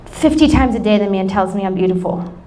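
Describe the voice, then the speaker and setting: A woman's voice: mid-range voice, a little fast, warm tone. A woman in her thirties with an American accent, a pastor preaching a sermon and telling a family story with laughing asides.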